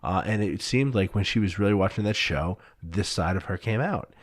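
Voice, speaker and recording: A man guesting on a podcast, telling animated stories bluntly and swearing freely, with a New Jersey accent. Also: low-pitched, fairly quick, no echo. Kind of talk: casual chat.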